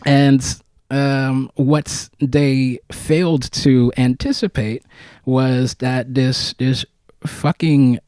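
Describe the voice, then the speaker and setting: A man co-hosting a casual podcast, talking in a halting, rambling way with many ums and restarts. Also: medium pitch, steady tone, darkish tone, smooth, no room sound. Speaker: podcast co-host.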